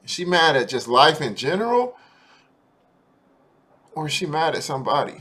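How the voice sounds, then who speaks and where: A man's voice: fairly high pitch, sing-song, moderate pace, bright, forceful tone. A man hosting a reaction video, talking casually and incredulously in colloquial speech.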